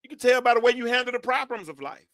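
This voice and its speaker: A man preaching to his listeners, swinging from quiet reflection to loud, drawn-out exhortation. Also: very high-pitched, lively intonation, dry recording. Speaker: preacher and show host.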